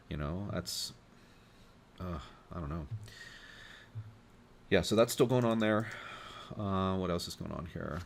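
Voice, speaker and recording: A man with a very low, gravelly voice talks through charts in a loose, thinking-aloud way, full of fillers and restarts. A faint background hum sits under his voice. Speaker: astrologer host. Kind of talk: informal talk walking through charts.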